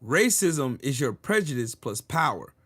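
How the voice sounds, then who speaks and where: A man's voice: mid-range voice, sing-song, measured pace, fairly bright tone. A male channel host delivering a ranting commentary, combative and mocking, with heavy profanity.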